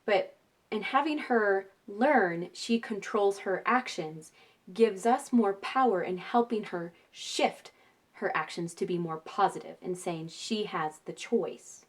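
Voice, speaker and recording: Woman, mom vlogger, casual advice talk, mid pitch, chatty with lots of tag questions and laughs. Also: slow pace. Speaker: parenting vlogger and mother.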